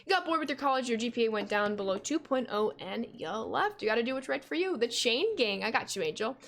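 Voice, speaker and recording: An American gaming streamer in her twenties chats loudly while playing, reading her viewers' messages aloud and laughing easily. Her voice sits slightly high for a woman, very animated and quick, with vocal fry.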